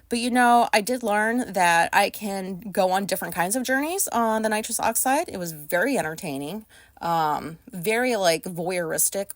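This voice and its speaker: A woman's voice: lowish voice, dry recording. Brief: American woman vlogger, anxious rambling storyteller, dry close sound, swears a lot. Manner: rambling, swearing, many fillers; anxious retelling, voices others in quotes. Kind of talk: casual storytelling.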